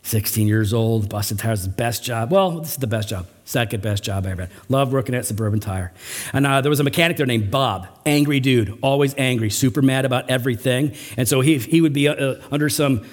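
A middle-aged man preaching a sermon as pastor, with animated, emphatic rising runs. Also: medium pitch, a little fast. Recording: long hall reverb.

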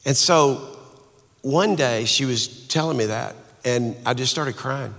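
A man, a speaker and author, telling a personal story in an earnest, halting way with frequent restarts. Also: mid-range voice, vocal fry, a bit bright, long reverb tail.

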